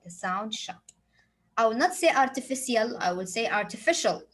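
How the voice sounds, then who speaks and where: A woman's voice: a little high, expressive, moderate pace, low-quality recording. Patient woman teaching English sounds. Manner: patient, repetitive explaining with examples. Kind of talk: phonics lesson.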